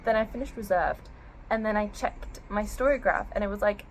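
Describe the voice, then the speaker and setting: A young adult book vlogger with a medium-pitched voice talks fairly quickly to camera about her reading, over slight background noise in a rough recording. Her casual vlog chat is rambling and chatty, packed with "like" and some blunt swearing.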